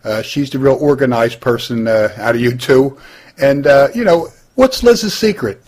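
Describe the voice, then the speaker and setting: Husky man hosting a roast. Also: medium pitch, animated, moderate pace, darkish tone. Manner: hesitant, many uh fillers. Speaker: interviewer and roast host. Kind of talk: scripted roast interview.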